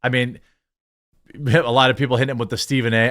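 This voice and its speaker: A man's voice: medium pitch, level tone, a little fast, fairly bright tone. A man hosting an online commentary video, reading article excerpts aloud and answering them with mocking, indignant remarks. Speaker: commentary channel host.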